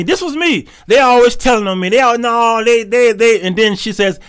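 A man with a high, bright, ringing voice tells stories in a preaching style, with in his speech. He acts out every character in the dialogue, bursts into laughter, and swings from soft asides to loud punch lines. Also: normal speed, smooth. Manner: animated, laughing, acting out dialogue. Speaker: talk show host.

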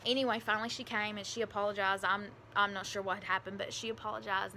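Woman, bright voice, casual emotional storytelling, rambling, faint background hiss. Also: medium pitch, fast talker, vocal fry, hardly any pauses. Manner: emotional, rambling, with many fillers and restarts. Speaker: vlogger telling her adoption story.

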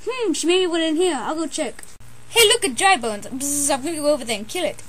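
A woman voicing every character in a homemade animation, excitable and switching between put-on voices with sudden cries and shouts. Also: sits high, brisk, noisy background. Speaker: amateur voice performer.

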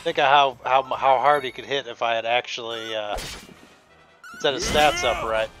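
A man's voice: medium pitch, fairly even intonation, moderate pace, music in the background, low-quality recording. A man casually commenting as he plays a video game, thinking aloud and reading the on-screen text. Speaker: gameplay host. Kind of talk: casual let's-play commentary.

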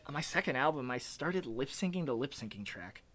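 An actor playing a self-pitying, dim-witted fallen pop star in a mockumentary interview, speaking flatly. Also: male voice, medium pitch, a little fast. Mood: glum.

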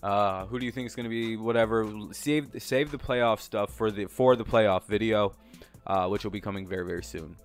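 A man's voice: on the low side, moderate pace, soft background music. A man casually talking through his sports predictions as a channel host, rambling with many fillers and some swearing, a bit out of breath. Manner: rambling, lots of fillers and profanity.

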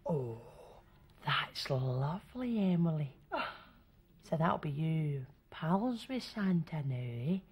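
A woman's voice: expressive, takes it slowly, darkish tone, breathy edge, lo-fi sound. Sweet-talking Scottish woman, sly and sugary. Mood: coaxing. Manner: sickly sweet coaxing, then shrill and unhinged. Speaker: sketch comedy performer. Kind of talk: sketch comedy acting.

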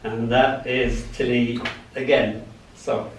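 A man's voice: medium pitch, little pitch movement, slow. Wry middle-aged man reading poems live. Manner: wry, chuckling asides. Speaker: poet. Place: live showcase venue. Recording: roomy hall, distant mic, faint room noise.

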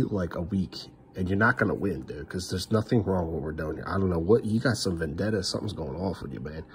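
A middle-aged man ranting in a vlog monologue, rambling and frustrated, swinging between loud outbursts and muttered curses. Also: sits low, slight background noise. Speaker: family vlogger.

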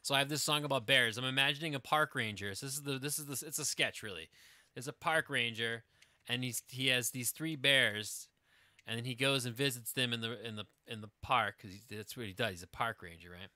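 A man's voice: mid-range voice, brisk, bright, forceful tone, no echo. A man hosting a casual gaming livestream, rambling through a goofy story with laughs. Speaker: livestream host. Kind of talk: casual gaming stream chat.

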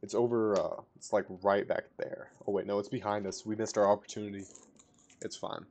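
A young man giving casual live commentary to a teammate while playing a battle royale game, rambling one moment and shouting callouts the next. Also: fairly low pitch, a little fast, vocal fry. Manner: casual, rambling, bursts into excited shouting in fights. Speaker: gamer streamer.

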